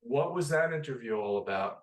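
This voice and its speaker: A man's voice: mid-range voice, animated, a little fast, roomy sound, poor audio. A man hosting an interview podcast and asking brief, earnest questions. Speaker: podcast host.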